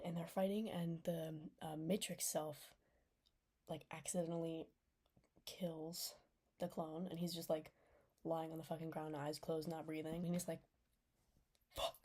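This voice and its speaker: With a low, mellow voice and slight background noise, a young woman vlogger recaps a TV series casually. She rambles, keeps saying "like," and repeatedly lowers her voice to a whisper.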